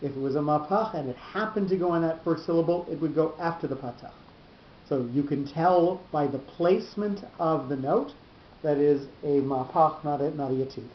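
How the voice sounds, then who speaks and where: A man teaching a Torah class, explaining slowly and often repeating words as he thinks. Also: a little high, slight background noise. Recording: dull echoey room recording.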